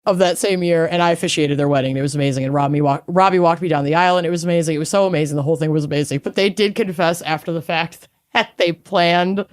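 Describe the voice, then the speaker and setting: A woman's voice: low voice, fast, few pauses, dry recording, studio quality. A woman, co-hosting a podcast in playful, rambling casual chat. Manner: chatty, playful, rambling stories. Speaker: podcast co-host.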